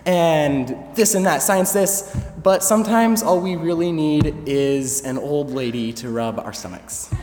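Young male student storyteller, slightly high voice, halting and filler-heavy, long hall reverb. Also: a little mellow, faint music behind. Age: young adult. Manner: hesitant, many fillers, laughs through the story. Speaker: student speaker. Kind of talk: storytelling speech to an audience. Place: large hall before an audience. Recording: echoey hall, faint ambience.

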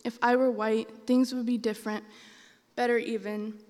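A woman's voice: fairly high pitch, little pitch movement, normal speed, darkish tone. A young woman, a first-year student whose first language is Spanish, telling a personal story on stage in an auditorium. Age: young adult. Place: large auditorium. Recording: long hall reverb.

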